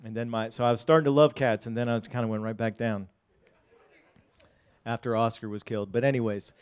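A man preaching a sermon, speaking straight to the congregation, dropping to quiet asides and rising to loud, drawn-out emphasis. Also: mid-range voice, steady tone, clear, resonant tone. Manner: folksy, addresses the congregation directly. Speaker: pastor.

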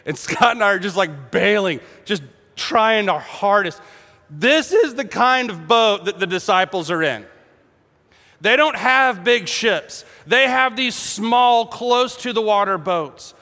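A man preaching a sermon, telling a story with animated energy, acting out voices and laughing along. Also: high-pitched, takes it slowly, big-room sound. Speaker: pastor.

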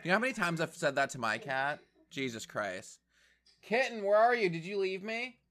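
A man chats his way through a show, cracking jokes and talking back at the screen. His voice is bright and sharp. His pitch moves around a lot. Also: animated, moderate pace. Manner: chatty, wisecracking, talks back at the screen. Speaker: reaction commentator. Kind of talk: casual commentary over a show.

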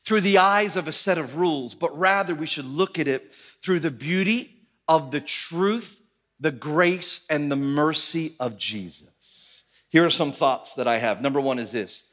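Lively high-voiced male pastor. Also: measured pace. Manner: animated, acts out voices in anecdotes. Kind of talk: sermon with storytelling.

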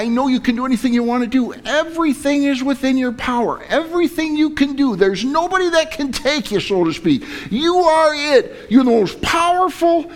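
Desperate son begging his dad, strained and way up high, a preacher putting him on. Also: full character voice. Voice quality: strained, pleading. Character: anguished son pleading with his father.

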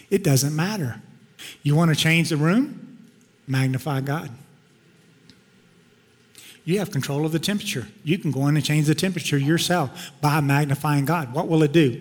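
Male pastor, middle-aged, fairly high voice, emphatic sermon delivery with long church reverb. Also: fairly quick, long pauses. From Texas. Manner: emphatic, swings from loud urging to quiet storytelling. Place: large church sanctuary. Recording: long hall reverb in a sanctuary.

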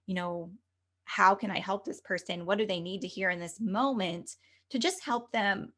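Her voice is mid-range and fairly bright, moving at a normal speed. She's a medium and spiritual coach being interviewed on a podcast, earnest and chatty, with "like" and "you know" peppering her answers.

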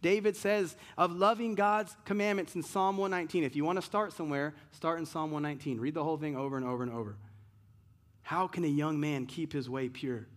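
A male pastor preaching a sermon, stressing key words slowly and swinging between loud emphasis and quiet asides. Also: fairly high pitch, fairly even intonation.

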